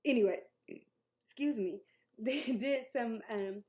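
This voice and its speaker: A woman's voice: on the high side, slow, warm tone. A young woman casually telling a personal story in a vlog, chatty, laughing often and acting out what others said. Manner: chatty, laughs often, acts out quoted voices. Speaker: vlogger telling her story.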